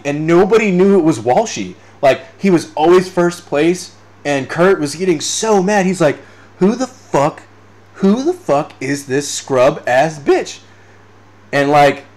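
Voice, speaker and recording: A man in his twenties hosting a podcast, chatting casually without a script, rambling and swearing freely while laughing often. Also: medium pitch. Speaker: podcast host. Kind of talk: unscripted casual chat reading live comments.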